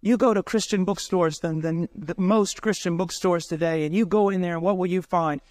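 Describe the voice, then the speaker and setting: A man's voice: sits high, fairly even intonation, normal speed, a little mellow, no room sound, clean studio sound. A middle-aged man preaching a sermon, telling a story with passion and building to emotional peaks.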